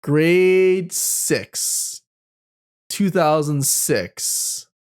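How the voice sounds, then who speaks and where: A man in his thirties telling a personal ghost story as host, animated and full of fillers. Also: fairly high pitch, very slow, clear, resonant tone. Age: 30s.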